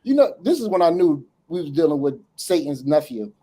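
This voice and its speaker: A man spins a story on a casual podcast, acting out each voice in a lively, profane way. His voice is husky and mellow, and his pitch rises and falls widely. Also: a little fast. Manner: animated, profane, acts out dialogue. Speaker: podcast co-host.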